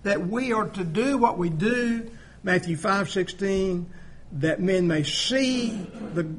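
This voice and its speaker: A man preaching a sermon, emphatic, swinging between loud appeals and quiet asides, asking rhetorical questions. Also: sits high, slow pace. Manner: emphatic, rising and dropping volume, rhetorical questions.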